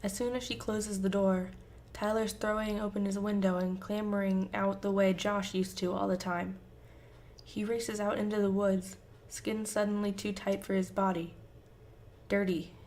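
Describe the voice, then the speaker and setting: A woman's voice: mid-range voice, flat delivery, moderate pace, darkish tone, a little hiss or hum. A woman reading a fan fiction story aloud with intense, emotive narration. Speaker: fanfiction reader.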